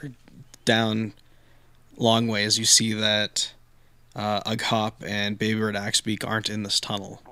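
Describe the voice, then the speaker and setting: A man's voice: lowish voice, monotone, unhurried, pauses often, sharp tone, clean tone, no room sound. A man narrating as game master, loose and chatty, full of ums and likes, correcting himself as he goes.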